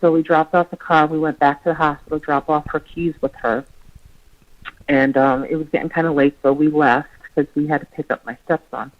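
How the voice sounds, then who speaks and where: A woman's voice: low voice, fairly even intonation, fairly quick, phone-quality sound. A woman telling a long personal story as a podcast guest, in a rambling way full of "you know" fillers. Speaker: guest, relative of the missing child's mother. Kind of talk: conversational storytelling.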